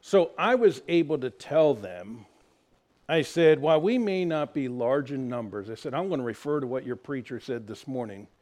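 A middle-aged man, a pastor, preaching a sermon in a folksy way, swinging from loud emphasis to quiet, confiding asides. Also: mid-range voice, expressive, moderate pace.

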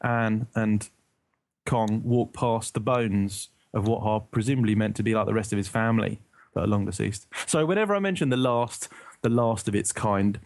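A man's voice: fairly low pitch, moderate pace, vocal fry, a little mellow, dry recording. A man from the UK in casual podcast chat, rambling and searching for words, laughing often.

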